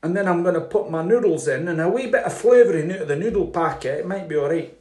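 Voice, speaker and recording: A man's voice: high voice, lively intonation, quick pace, darkish tone. A man chatting through a home cooking vlog, rambling and cheerful, laughing often and swearing freely. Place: home kitchen. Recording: roomy kitchen echo with faint noise.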